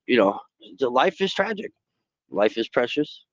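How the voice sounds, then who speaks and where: A man hosting a fishing livestream, telling stories in a casual, rambling way, swearing freely and putting on high voices when he quotes people. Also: very animated, unhurried, dry recording, dull audio.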